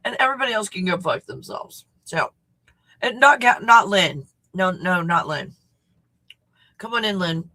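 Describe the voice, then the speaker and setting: A woman's voice: fairly low pitch, expressive, normal speed, sharp tone. A woman hosting a casual livestream chat, snacking, reacting to viewer comments and swearing freely. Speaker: host.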